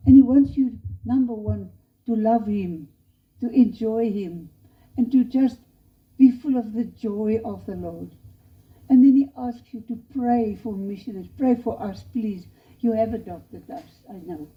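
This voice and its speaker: A woman's voice: fairly high pitch, unhurried. A woman preaching a missionary appeal in a church chapel, earnest and pleading as she tells a story. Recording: lo-fi dull recording.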